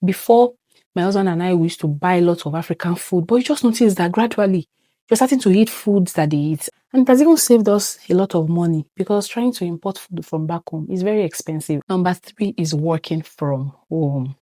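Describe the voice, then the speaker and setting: A woman's voice: lowish voice, brisk, dark tone, no room sound. A young Nigerian woman with a Nigerian accent, chatting to camera in a casual vlog and acting out little quoted exchanges as she tells her story. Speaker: vlogger.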